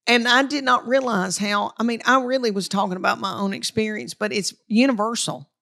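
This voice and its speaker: A woman's voice: a little high, brisk, vocal fry, few pauses, a bit bright. A middle-aged woman comedian with a thick Southern country accent, chatting folksy and self-deprecating, calling people darling. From Tennessee, US South. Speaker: comedian guest. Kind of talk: casual chat.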